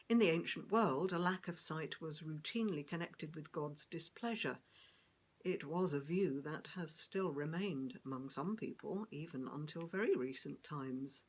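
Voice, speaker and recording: A woman pastor giving a reflective, measured sermon. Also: low voice, husky.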